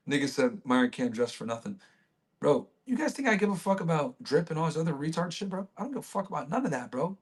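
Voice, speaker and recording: Crude streamer guy chatting with viewers, swears constantly, voice on the high side. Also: big pitch swings, quick pace. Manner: brash, crude, swears a lot, talks to chat. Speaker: livestream host. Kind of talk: casual livestream chat.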